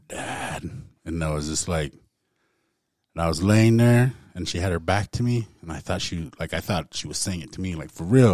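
A man's voice: sits low, a little mellow, no room sound, studio quality. A man casually telling a personal story to a group, laid back and full of "man" and "like". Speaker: guest storyteller.

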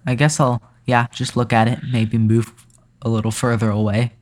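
Male player, hesitant and cautious, medium pitch. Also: flat delivery, normal speed. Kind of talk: tabletop game play.

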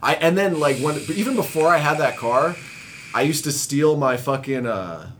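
A young man telling rambling, profane stories in casual chat, laughing often and growing animated as he retells them. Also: normal speed. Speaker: guest telling recovery stories. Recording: faint low rumble.

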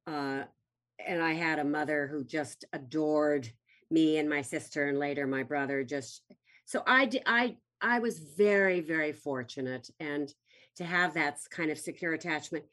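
A woman's voice: low-pitched, unhurried, a bit bright. A woman therapist hosting a casual interview, agreeing often and restarting her sentences. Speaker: host, therapist.

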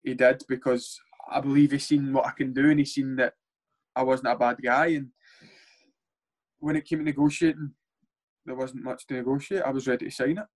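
A young Scottish man, a footballer by trade, spins stories in loose casual chat. He gets animated, swears freely and acts out what others said to him. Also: mid-range voice, a little fast. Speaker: footballer guest. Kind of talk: casual storytelling.

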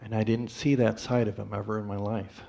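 A man telling his personal testimony to a church congregation, in a plainspoken storytelling way with pauses and restarts. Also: lowish voice, little pitch movement, creaky, mellow.

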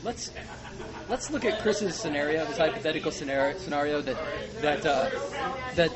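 A man's voice: on the high side, lively intonation. A man co-hosting a soccer podcast in casual chat, loosely tossing out hypothetical scenarios. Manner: posing hypotheticals, quick and loose. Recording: loud crowd behind.

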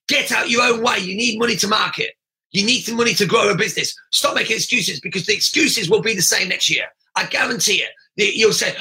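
A man's voice: high voice, lively intonation, moderate pace, vocal fry, sharp tone. A middle-aged man coaching martial arts school owners in a blunt, emphatic podcast monologue, often raising his voice and repeating himself.

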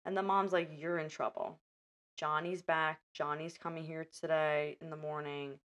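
In a relaxed podcast conversation, a woman walks through a movie scene by scene, animatedly performing the characters' dialogue. She speaks at a normal speed in a low voice.

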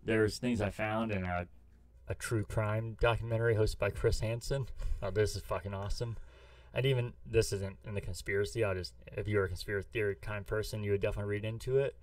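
A man from the US Midwest rambles through a long story on a podcast, swearing freely as he goes. His voice sits on the low side. It sounds dry and a little removed from the microphone. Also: fairly even intonation, quick pace, dry recording, far from the mic. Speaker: podcast co-host. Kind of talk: casual chat.

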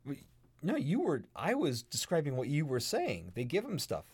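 Deadpan, playful contrarian podcast man. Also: on the high side, moderate pace, husky, no room sound. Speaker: podcast co-host. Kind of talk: casual bickering chat.

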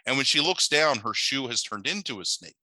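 A man tells the plot of a cheesy film in a rambling, profane, disbelieving way, full of filler "like"s. His voice is very bright and forceful. The sound is dry and close. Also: medium pitch, animated, brisk, dry recording, low-quality recording. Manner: rambling, profane and incredulous, heavy on "like". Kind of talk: casual movie recap.

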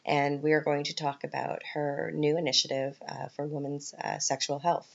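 A woman's voice: low-pitched, vocal fry. A woman with a Canadian accent hosting her podcast, talking casually and rambling with plenty of ums and asides. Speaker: podcast host. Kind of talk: casual solo podcast talk. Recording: dull lo-fi podcast recording.

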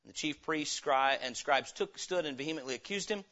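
A man preaching a revival sermon, emphatic, acting out dialogue with sudden swings between loud and hushed. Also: fairly high pitch, fairly quick, highs cut off.

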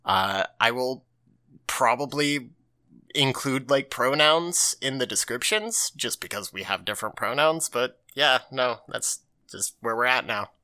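A man co-hosting a podcast, recapping an episode in loose, animated casual chat and swearing freely. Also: medium pitch, a little slow. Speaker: podcast co-host.

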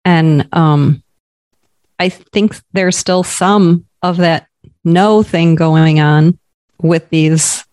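A woman co-hosting a podcast, asking curious, gentle questions in casual conversation. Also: low-pitched, no echo. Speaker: podcast co-host.

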